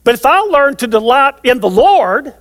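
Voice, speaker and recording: A man's voice: very high-pitched, sing-song, moderate pace, a bit bright. A man in his sixties preaching a sermon as a pastor, emphatic and repeating key phrases for stress, heard in a large church sanctuary. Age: 60s. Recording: long reverb of a large hall.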